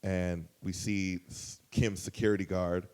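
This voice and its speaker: A young man telling a story on a comedy podcast, casual and profane, lively, with loud outbursts when he quotes people. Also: low voice, unhurried, clear, resonant tone. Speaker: guest storyteller.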